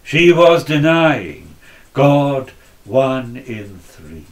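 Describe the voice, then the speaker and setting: A male preacher delivering a sermon slowly and deliberately. His pitch swings widely as he tells the story, which makes the delivery vivid and expressive.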